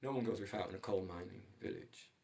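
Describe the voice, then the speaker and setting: A man's voice: low voice, fast talker, creaky, a little mellow. A man hosting his own channel, talking in a rambling, jokey solo monologue that wanders from one story to the next. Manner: digressive, jokey, wandering between stories.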